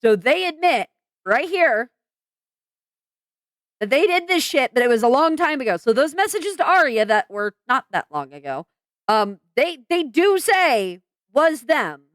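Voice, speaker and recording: A woman's voice: high voice, sing-song, unhurried, a bit bright, no room sound. A woman venting in a commentary vlog, frank and exasperated, swearing and restarting her sentences with lots of fillers. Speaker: vlogger.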